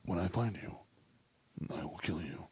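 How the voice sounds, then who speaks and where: A man putting on the voice of a menacing movie killer, speaking low and hushed. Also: moderate pace, husky, dry recording, studio quality.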